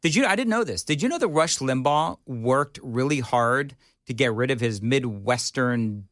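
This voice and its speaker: Male radio host in his sixties, mid-pitched, dry studio sound, halting delivery. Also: animated, fairly bright tone, no room sound. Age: 60s. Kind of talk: casual talk radio banter.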